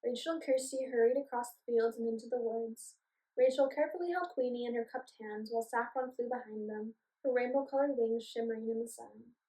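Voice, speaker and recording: A woman reading a children's storybook aloud in a clear, expressive way. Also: on the high side, fairly quick. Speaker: storybook reader. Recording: echoey room, voice from a distance.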